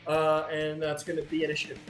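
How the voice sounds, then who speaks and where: A man runs a tabletop game as game master, talking in a loose, rambling way full of fillers. His voice sits a little high for a man. It sounds roomy, with faint music underneath. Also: lively intonation, normal speed.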